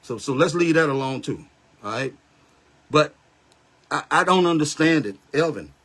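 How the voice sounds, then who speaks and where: Expressive and fairly bright, a high-ish male voice moves at normal speed as a pastor in his seventies hosts a Facebook live. Recorded via phone or webcam, he launches into a blunt, confrontational, street-style rant.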